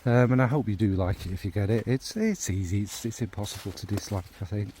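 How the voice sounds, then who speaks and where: A man's voice: lowish voice, expressive, fast, slight background noise. A man, talking casually and at length to his vlog audience, rambling and enthusiastic. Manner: rambling, warm and enthusiastic about scents. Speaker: fragrance vlogger. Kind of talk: casual rambling chat to camera.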